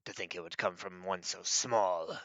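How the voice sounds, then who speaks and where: A man voicing a menacing dragon in a deep, grumbling voice for a tabletop game. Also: normal speed, fairly bright tone, dry recording. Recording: dull lo-fi mic.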